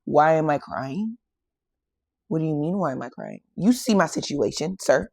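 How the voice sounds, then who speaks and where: A woman's voice: low voice, animated, moderate pace, vocal fry, darkish tone, husky, full character voice. A woman acting out an exasperated, pleading mother. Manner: indignant, pleading questions. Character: distraught, exasperated desert mother pleading with an angel.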